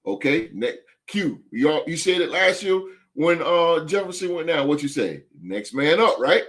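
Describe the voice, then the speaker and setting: A man's voice: fairly high pitch, big pitch swings, measured pace, fairly bright tone. A man hosting a sports podcast, talking emphatically with lots of stammered restarts. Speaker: podcast host. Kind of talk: casual sports talk.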